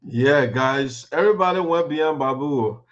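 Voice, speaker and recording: A man's voice: fairly high pitch, unhurried, soft background music. A man hosting a live online talk show, speaking in a chatty, informal way with many fillers. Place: home studio, USA. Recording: muffled lo-fi stream audio.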